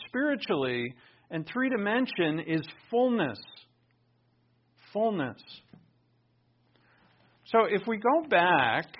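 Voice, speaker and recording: A man preaching a sermon, stressing key words with sudden loud bursts and dropping into quiet asides. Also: sits high, highs cut off. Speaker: pastor.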